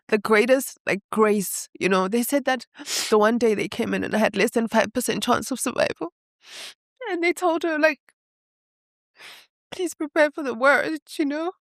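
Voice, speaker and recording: A young woman speaking as an interview guest, telling a personal story candidly and earnestly, with quick laughs. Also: fairly high pitch, no room sound, studio quality. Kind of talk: emotional interview.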